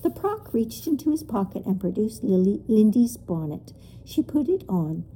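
A woman narrating a children's storybook aloud in an expressive, unhurried way. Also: mid-range voice, breathy edge, poor audio.

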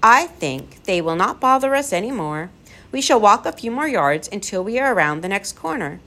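A woman voicing a calm, polite male professor who speaks with emphasis and encourages children in a storybook reading. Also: medium pitch, moderate pace. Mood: weary relief.

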